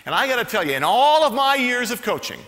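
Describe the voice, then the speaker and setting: A man voicing a loud veteran football coach who yells scornfully at his rookies, in an echoey hall. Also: mid-range voice, animated. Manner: shouting, scornful, drawn-out yelling.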